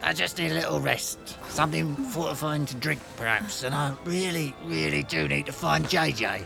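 Gravelly, shifty bleeding stranger. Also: male voice, a little high, moderate pace, over music. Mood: woozy. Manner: woozy, wry grumbling. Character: shifty, bloodied man near fainting. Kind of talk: audio drama acting.

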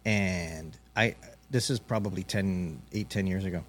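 A man hosting a podcast, telling a long story in a rambling, animated way with many restarts. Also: low-pitched, measured pace. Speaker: podcast host. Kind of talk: casual storytelling chat.

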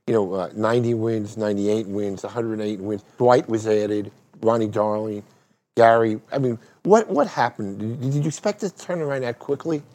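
A man's voice: lowish voice, moderate pace, a little mellow. A man hosting an interview podcast, telling a story and asking rambling questions with restarts. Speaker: podcast host.

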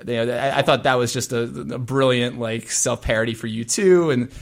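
Gravelly man hosting a casual music podcast. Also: mid-range voice, normal speed. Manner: long, meandering sentences. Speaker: podcast host.

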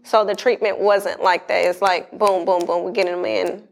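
A woman's voice: mid-range voice, fairly even intonation, moderate pace, gravelly. A woman in a casual chat, asking questions and reflecting on her own experience.

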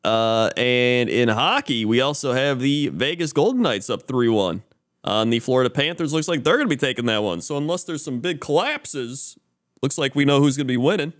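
A man's voice: mid-range voice, lively intonation, normal speed. A man co-hosting a podcast, reading mock sports and news segments in a casual, laughing way. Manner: laughs often, reads news items aloud with stumbles. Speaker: podcast co-host.

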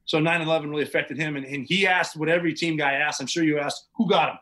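A man's voice: on the high side, fairly even intonation, fast, sharp tone, low-quality recording. A man, a podcast guest, recounting events in casual, vivid, matter-of-fact storytelling with occasional chuckles.

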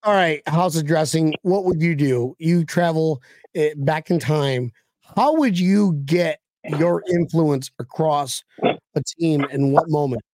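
A man's voice: a little high, a little slow, darkish tone, no echo. A man hosting a casual podcast chat, joking, swearing and laughing with guests. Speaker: podcast host.

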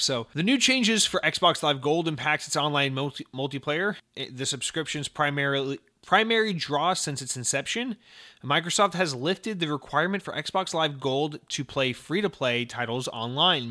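A man hosting a casual gaming podcast, talking in an animated way with plenty of swearing and sudden exclamations. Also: medium pitch. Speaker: podcast host.

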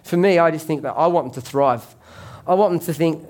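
A man's voice: a little high, fairly quick, hardly any pauses, darkish tone. A man preaching a sermon as pastor, conversational and joking with the congregation.

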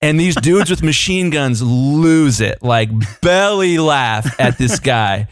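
Animated man telling a rambling story. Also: fairly high pitch, slow pace, no echo, clean studio sound. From United States. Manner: animated, rambling anecdotes with many fillers. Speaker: podcast co-host. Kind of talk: casual storytelling chat.

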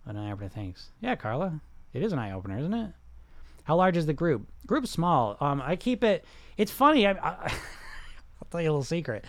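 A man hosting a casual livestream about weight loss, answering viewer comments in an animated, repetitive, salesy way. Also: on the high side, fairly quick, no room sound.

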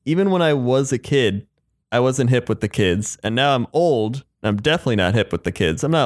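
A man's voice: mid-range voice, animated, brisk, no room sound, studio quality. Giggly, rambling podcast co-host man. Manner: laid-back, giggly, rambling. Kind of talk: casual comedy chat.

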